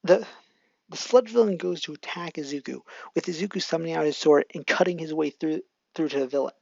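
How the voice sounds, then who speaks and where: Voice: mid-range voice, a little fast, creaky, a little mellow, dry recording. A casual fan storyteller narrating a made-up story, rambling with frequent restarts on a home microphone. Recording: lo-fi dry home mic.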